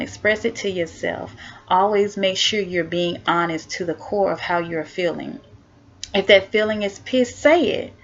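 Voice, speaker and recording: A woman's voice: on the low side, normal speed. A woman vlogger giving heartfelt self-help advice, earnest and encouraging, repeating her key points. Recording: dull lo-fi recording.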